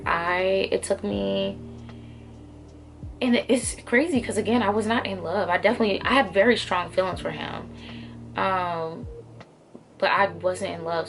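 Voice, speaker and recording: A woman's voice: medium pitch, gravelly, a little hiss or hum. A young woman telling a personal story in a casual storytime vlog, candid and profane, full of fillers and quoted dialogue. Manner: candid, profane, animated retelling with many fillers.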